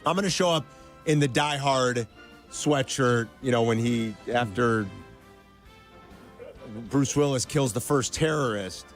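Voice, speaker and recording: A male sports radio host in casual banter, rambling and restarting his sentences. His voice is of ordinary pitch. Faint music runs beneath him. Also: measured pace, long pauses.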